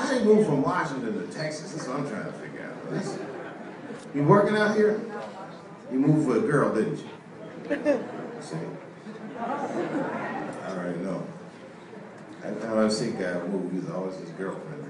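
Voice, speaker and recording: A man's voice: lowish voice, normal speed, pauses often, recorded from a distance, very noisy. A man doing a stand-up comedy set, telling a story and working the crowd. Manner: storytelling, crowd work, animated. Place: comedy club stage. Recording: echoey club recording with loud crowd. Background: audience laughter.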